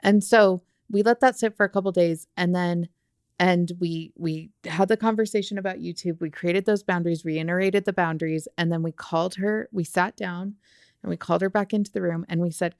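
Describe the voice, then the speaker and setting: On a podcast, a woman earnestly tells a story about helping her child through anxiety, warmly retelling dialogue in casual conversation as a mother sharing a parenting story. Her voice is fairly low, with fairly even intonation and a slightly fast pace, recorded with clean studio sound and no echo.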